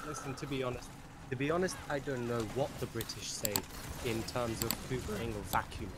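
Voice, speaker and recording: A man's voice: medium pitch, brisk. A young man chatting casually while gaming on a stream, telling rambling stories and swearing freely. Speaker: gamer chatting on a live stream. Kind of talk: casual chat. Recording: noisy online voice chat.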